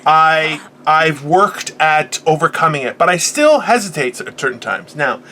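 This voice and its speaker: Profane, animated man ranting. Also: a little slow, a little hiss or hum. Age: 40s. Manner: animated, profane storyteller who bursts into loud, high outbursts. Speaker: podcast co-host. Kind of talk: casual motivational rant.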